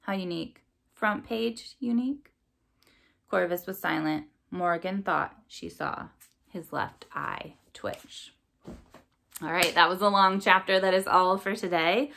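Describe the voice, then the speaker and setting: A woman's voice: fairly low pitch, steady tone, a little slow, gravelly, bright, forceful tone. A woman reading a novel aloud as a storybook reader, then chatting with listeners and asking their thoughts. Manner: friendly, chatty outro with questions to listeners.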